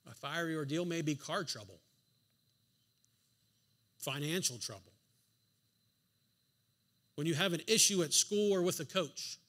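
In a church sanctuary, a man preaches with a fairly high, fairly bright voice, speaking a little slowly and pausing often. He presses his points with emphatic rhetorical questions and slips in the occasional dry, sarcastic aside.

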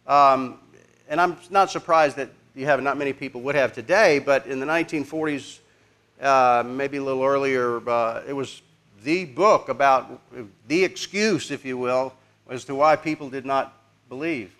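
A man teaching a congregation in a conversational, halting way, pausing to ask the audience questions. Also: mid-range voice, fairly bright tone. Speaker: preacher teaching apologetics.

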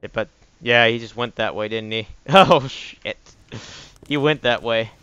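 A man's voice: medium pitch, unhurried, fairly bright tone, clear, resonant tone, no room sound, dull audio. A man streaming a horror game live, talking to himself, out of breath and swearing as he gets chased. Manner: jumpy, swears, yelps when chased. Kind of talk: live gameplay commentary.

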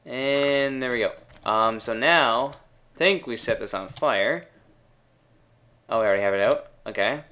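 A man's voice: mid-range voice, sharp tone. Young Canadian guy, mid-range voice, casual self-mocking game commentary, words drag on. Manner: rambling, unsure, drawn-out words, laughs at himself. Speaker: gaming video maker.

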